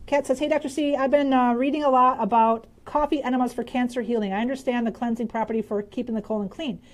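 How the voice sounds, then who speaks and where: A woman's voice: fairly high pitch, steady tone, fast talker. A woman from Michigan hosting a casual live stream, bubbly and chatty, reading out viewer comments and answering health questions with frequent laughs.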